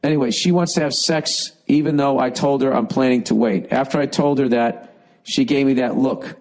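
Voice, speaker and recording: A man's voice: medium pitch, steady tone, normal speed, darkish tone, low-quality recording. A man hosting a podcast, reading a listener email and giving blunt, profane advice in a rambling comedic rant with a Boston accent, while fighting a cough.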